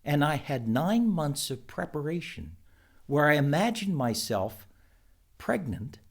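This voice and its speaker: A middle-aged man giving thoughtful, unhurried advice to preachers, pausing often with ums and restarts. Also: fairly high pitch, big pitch swings. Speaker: preaching teacher. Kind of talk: instructional talk to preachers.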